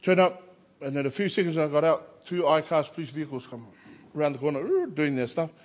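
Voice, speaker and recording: Animated New man telling stories. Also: fairly high pitch, a little fast, muffled recording. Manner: animated anecdotes, acts out quoted voices. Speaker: Christian workplace chaplain. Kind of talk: personal storytelling.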